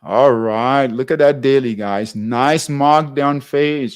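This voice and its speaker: A man's voice: medium pitch, fairly even intonation, takes it slowly, few pauses. Man teaching a live trading class. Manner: conversational, keeps checking in with "all right?". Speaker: trading show host.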